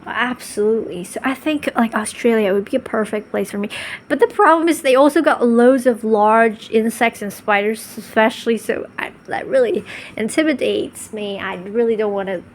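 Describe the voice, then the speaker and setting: A woman's voice: fairly high pitch, moderate pace, slight background noise. Gushing, rambling woman vlogger. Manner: gushing, enthusiastic, rambling with restarts. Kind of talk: casual monologue to camera.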